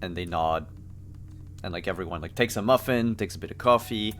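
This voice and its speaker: A man's voice: deep voice, brisk, fairly bright tone, soft background music. A man narrating as game master of a tabletop game, casual, with frequent fillers.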